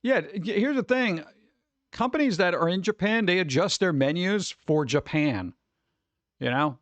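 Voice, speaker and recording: A man hosting a casual stream, chatting and riffing on viewer messages in a rambling, jokey way with animated rants. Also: sits high, a little slow, no echo. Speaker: streamer host.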